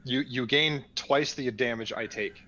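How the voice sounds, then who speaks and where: A man playing in a tabletop game, speaking casually and deliberately. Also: medium pitch, bright, forceful tone, muffled recording. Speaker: player.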